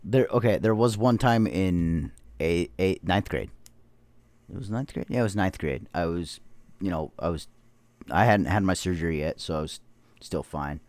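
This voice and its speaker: Man, 30s, podcast host, deep voice, dry sound, casual rambling storyteller with heavy swearing. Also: moderate pace, a little mellow, dry recording. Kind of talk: casual chat.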